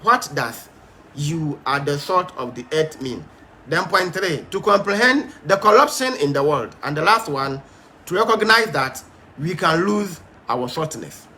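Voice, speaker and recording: A man's voice: on the high side, expressive, unhurried, bright, forceful tone, slight background noise. A man teaching a Bible study in an emphatic, stern, repetitive way, with frequent fillers.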